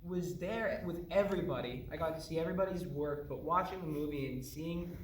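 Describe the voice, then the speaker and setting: An actor on a Q&A panel tells stories animatedly and laughs often, speaking a little fast in a fairly high voice. The recording, made from far off in an echoey hall, has a bit of hiss or hum.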